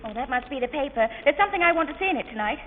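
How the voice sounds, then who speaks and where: A bossy older sister. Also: female voice, high voice, lively intonation, very fast. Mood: polite. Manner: bossy, scolding. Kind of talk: 1960s radio sitcom acting. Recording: tinny old radio broadcast with hiss.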